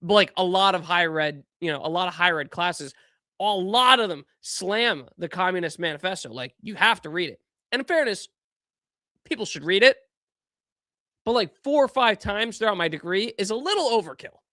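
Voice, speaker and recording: A young man hosting a podcast, giving casual political commentary in an animated, incredulous way that keeps trailing off and restarting. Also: sits high, moderate pace, dry recording, clean studio sound. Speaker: podcast host.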